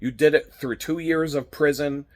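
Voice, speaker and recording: A man's voice: fairly high pitch, steady tone, normal speed, darkish tone. A man giving a candid, rambling walk-and-talk monologue outdoors, swearing freely and acting out his own inner voices. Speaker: vlogger.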